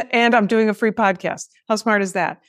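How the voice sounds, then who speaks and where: A woman hosts a podcast in a relaxed conversational way, quick with a joke at her own expense. Her voice sits in a mid range and sounds dry and close. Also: medium pitch, no echo. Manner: chatty, self-deprecating, quick asides. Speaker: podcast host. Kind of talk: casual interview chat.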